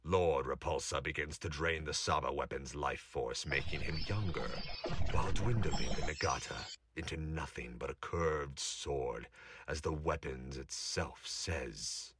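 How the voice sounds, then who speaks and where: Man with a very deep narrating voice. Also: measured pace, a bit bright, breathy edge. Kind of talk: scripted audio drama narration.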